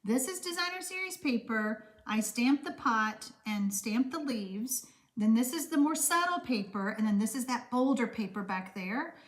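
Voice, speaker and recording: Her voice a little high and animated, a Texan woman moves at a normal speed as she hosts a talkative card-making stream. Reading comments from viewers, she gushes warmly and rambles with fillers.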